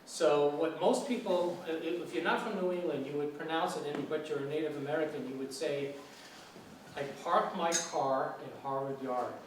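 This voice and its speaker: A man's voice: on the high side, moderate pace. A middle-aged man teaching an informal English lecture, chatty and asking students questions. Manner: chatty, asks the audience questions, imitates regional accents. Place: lecture hall. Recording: echoey hall from far off, faint noise.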